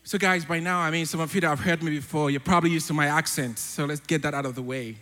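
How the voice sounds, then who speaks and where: Preacher guy, african british accent, pretty high voice, big reverb from the church hall. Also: fairly even intonation, fast. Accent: mixed African and British. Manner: fervent, rising to loud declarations in prayer. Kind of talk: sermon with spoken prayer.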